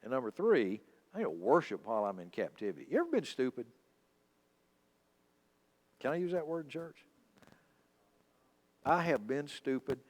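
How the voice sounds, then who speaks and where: A man's voice: medium pitch, sing-song, normal speed, pauses often. A male pastor preaching a sermon, telling folksy, humorous stories in a conversational way. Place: church sanctuary.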